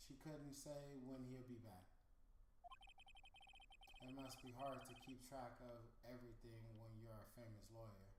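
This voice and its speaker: A man's voice: medium pitch, fairly even intonation, normal speed, pauses often, very noisy, pitched below the performer's own voice, lightly acted. A man voicing an earnest young male defense lawyer, reading plainly and thoughtfully over game music in an echoey room.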